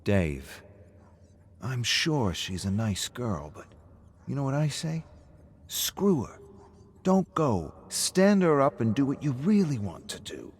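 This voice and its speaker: A man's voice: medium pitch, sing-song, slow, slight background noise, voice pushed up. A man voicing a blunt, caring pub owner who talks steadily and probes his friend.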